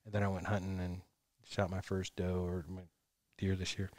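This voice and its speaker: A man's voice: deep voice, moderate pace, dry recording, studio quality. A man in his fifties chatting casually, telling stories with energy and acting out what he said back then. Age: 50s. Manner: animated storyteller who acts out his own quotes. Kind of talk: casual chat.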